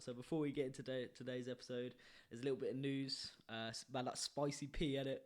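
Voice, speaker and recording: A man's voice: mid-range voice, level tone, quick pace, hardly any pauses. A man hosting a casual podcast chat, full of laid-back British slang. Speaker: podcast host.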